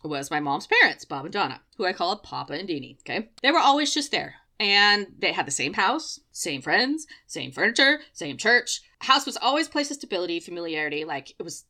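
A woman hosting a podcast, telling a personal story in a casual, profane, animated way with laughs. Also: on the low side, a little fast, hardly any pauses. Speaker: podcast host.

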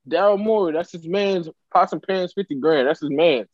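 A man co-hosting a casual sports talk show, ranting and jumping high in pitch when he gets worked up. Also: moderate pace, no room sound, lo-fi sound. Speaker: podcast co-host.

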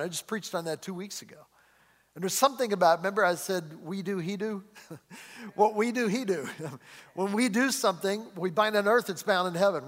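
A middle-aged male pastor preaching a sermon in a church in a chatty way, chuckling often and slowing down to stress key words. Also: high-pitched, fairly bright tone. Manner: conversational preaching, chuckles often, slows and rises for emphasis. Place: church sanctuary. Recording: long hall reverb.

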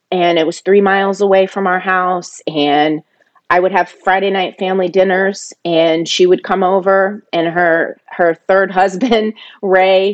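A middle-aged woman tells a personal family story in a casual, heartfelt way. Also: fairly low pitch. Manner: emotional, rising sharply when quoting her younger self.

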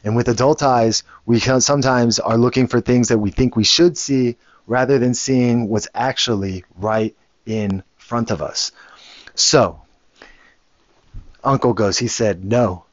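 A man's voice: mid-range voice, fairly even intonation, unhurried, dry recording, lo-fi sound. A man, a father, telling a casual story in a rambling way, with many restarts and the odd curse word. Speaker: father and show host.

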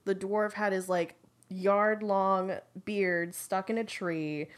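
Taking it slowly in a steady, medium-pitched voice, a young woman casually recounts a fairy tale for a friend. She rambles, laughs a lot, and fills the story with likes, ums, and similar fillers.

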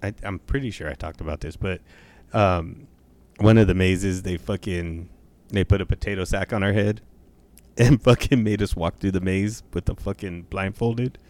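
A young man telling stories in a relaxed, slangy casual chat. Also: sits low, normal speed. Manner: relaxed storyteller, slangy, says dude and dope.

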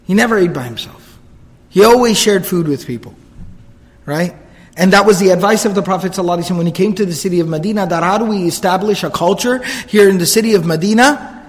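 A man's voice: sits high, fast, in a large hall. A man giving a storytelling religious lecture, earnest and explanatory, repeating phrases for emphasis and reciting Arabic quotes fluently.

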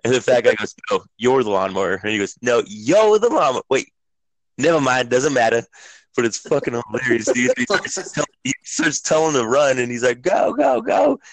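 A man's voice: medium pitch, fairly quick, no room sound, rough recording. A man in casual podcast chat, retelling comedy scenes with a lot of swearing and acted-out quotes. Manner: profane, animated storytelling, acts out quotes.

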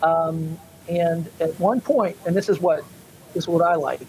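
A man's voice: on the high side, measured pace, a little mellow, slight background noise, rough recording. A man co-hosting a casual chat show, rambling and hesitant with many fillers. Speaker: podcast co-host.

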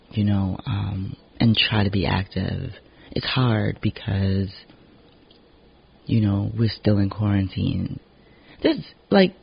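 An emotionally exhausted man speaks in a casual, unscripted monologue, husky and fairly low in pitch. He talks slowly and frankly, swearing freely and leaning on "you know" between thoughts. The recording sounds dull and lo-fi.

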